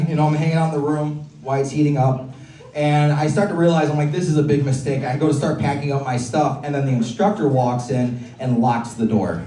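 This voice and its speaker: Brash stand-up comic in a roomy club. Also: male voice, a little high, noisy background. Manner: brash, crude, teasing the crowd. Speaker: stand-up comedian. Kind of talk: stand-up comedy set. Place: comedy club stage with live audience. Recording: roomy club sound from a distant mic. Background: audience laughter.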